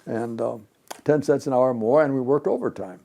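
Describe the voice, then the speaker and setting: A gravelly, dark-toned man in his nineties from Chicago, reminiscing in an interview. He rambles through his memories with animation and slips into the voices of the people he describes. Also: medium pitch, moderate pace. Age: 90s. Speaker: interviewee, retired pinball designer. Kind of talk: reminiscing storytelling.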